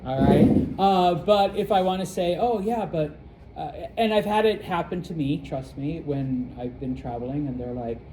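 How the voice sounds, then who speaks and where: Casting: middle-aged American man, chatty classroom teacher, slightly high, mellow tone. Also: normal speed, a little hiss or hum, rough recording. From United States. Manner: chatty, rambling, full of fillers and check-ins. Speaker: Spanish teacher. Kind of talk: casual classroom lesson.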